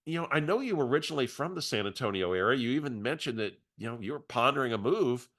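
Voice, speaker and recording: A man's voice: mid-range voice, lively intonation, fast talker, a bit bright. A man voicing a friendly, chatty woman on a phone call, with a sweet drawl. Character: friendly chatty middle-aged woman caller.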